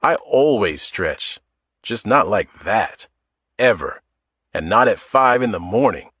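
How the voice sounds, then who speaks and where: A man voicing a joking, easygoing man in his mid-forties in an audiobook, low and close. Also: lively intonation, slow pace, a bit bright, slightly rough, no echo, full character voice. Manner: wisecracking, easygoing. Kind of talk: audiobook character voice.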